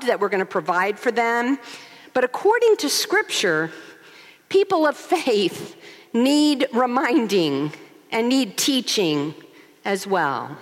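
High, lively woman preaching in a hall. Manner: expressive storytelling with rhetorical questions. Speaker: co-pastor. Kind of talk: sermon. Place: large church sanctuary. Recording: long hall reverb.

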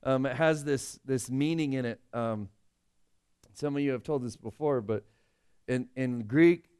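A young male pastor preaching a sermon in an earnest, conversational way, rising loud on emotional points. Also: medium pitch, measured pace, clean tone.

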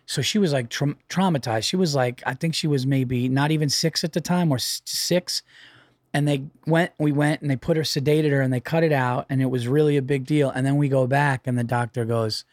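A man's voice: fairly high pitch, normal speed, no echo, clean studio sound. A man speaking as a podcast guest, telling family stories frankly in casual chat. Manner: frank, conversational storytelling.

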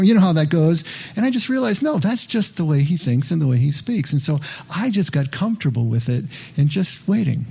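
A man's voice: a little high, animated, fairly quick, gravelly, breathy edge, muffled recording. A middle-aged male pastor giving a sermon in a conversational, reflective storytelling manner, speaking directly to the congregation.

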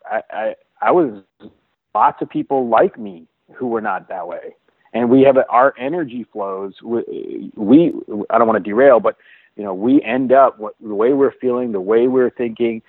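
A man telling his own story as an interview guest, earnest and halting, restarting and repeating words as he goes. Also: mid-range voice, husky, no echo. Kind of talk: personal storytelling in a conversation. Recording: dry, phone-like narrow sound.

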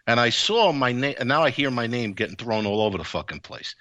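Bright-voiced man insisting calmly. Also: medium pitch, no echo. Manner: measured, insistent defending himself. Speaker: podcast co-host. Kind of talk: podcast discussion.

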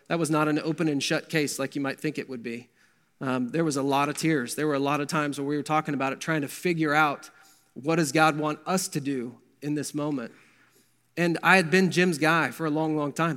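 A middle-aged man with a somewhat high voice shares his testimony at a men's breakfast. He tells it conversationally, full of ums, restarts and asides. His voice rings out with the long reverb of a large hall. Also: fairly bright tone. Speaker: guest speaker at men's breakfast. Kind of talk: personal testimony talk.

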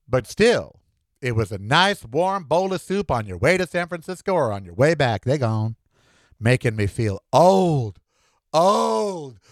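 A man's voice: mid-range voice, fairly bright tone, no room sound, clean studio sound. A middle-aged man from the United States hosting a solo podcast, ranting with sass and camp, calling listeners honey and child. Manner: sassy, campy, calls listeners honey and child. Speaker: podcast host. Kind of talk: opinionated solo podcast rant.

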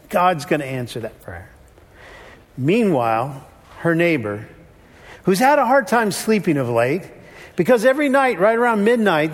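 A man preaching a sermon in a conversational way, changing his voice when he quotes others. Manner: conversational, shifts pitch when quoting. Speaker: pastor. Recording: long reverb of a church hall.

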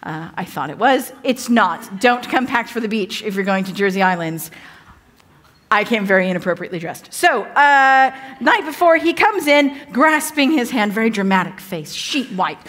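A woman's voice: medium pitch, normal speed, a bit bright. A woman in her forties with a Southern Californian accent, speaking as a guest pastor and telling a chatty, self-deprecating story in a sermon.

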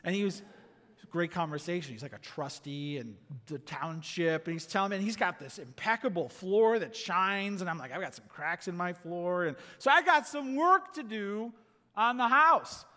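Animated male pastor preaching in a hall. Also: high voice, normal speed. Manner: animated preaching, rhetorical questions, drops soft for quoted asides. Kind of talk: sermon. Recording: long echo of a large hall.

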